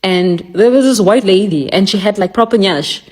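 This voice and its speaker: A woman's voice: medium pitch, moderate pace. A young South African woman with a South African accent, chatting and telling stories in a casual reaction video, laughing often. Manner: animated, laughing, storytelling. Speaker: social media creator.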